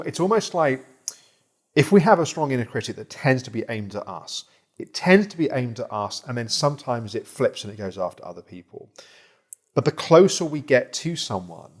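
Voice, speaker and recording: Calm reflective male therapist. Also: medium pitch. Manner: calm, reflective, explanatory, with frequent restarts. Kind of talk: therapy session guidance.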